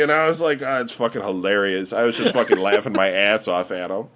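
A man's voice: lowish voice, fairly quick, few pauses. A man with a Midwestern American accent telling rambling, profane stories to friends, laughing and acting out the people in them. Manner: swearing, laughing storyteller with lively quoted voices. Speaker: podcast regular. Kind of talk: casual storytelling among friends.

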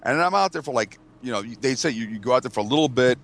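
A man's voice: mid-range voice, lively intonation, quick pace, fairly bright tone. A man telling rambling, profane stories in a casual podcast chat over a remote call. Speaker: podcast co-host.

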